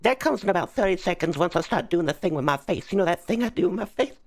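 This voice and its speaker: A woman with a Scottish accent, improvising a game roleplay in a playful, giggly way with loud outbursts. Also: fairly low pitch, expressive, fast talker. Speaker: roleplay streamer.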